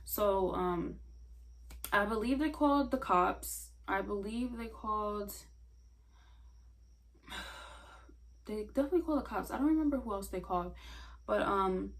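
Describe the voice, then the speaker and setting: A young woman telling a personal story in a casual, halting way, full of "like" fillers. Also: medium pitch, expressive. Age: young adult. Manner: halting, many "like" fillers, soft and earnest. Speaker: vlogger sharing a personal story. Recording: voice a bit far from the mic.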